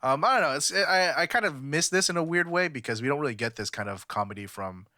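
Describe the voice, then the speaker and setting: A young man with a bright, forceful voice, chatting on a podcast in a loose, rambling way with plenty of "like"s and swearing. The recording is dry and close. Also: fairly high pitch, fast, no echo. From California, United States. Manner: rambling, filler-heavy, profane, animated storytelling. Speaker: podcast co-host. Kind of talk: casual podcast chat.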